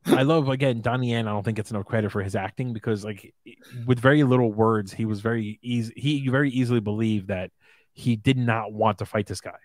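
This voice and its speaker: Fast-talking man, eager movie chatter. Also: fairly low pitch, dry recording. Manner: enthusiastic, fast, trips over words. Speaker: podcast co-host. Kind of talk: casual movie chat.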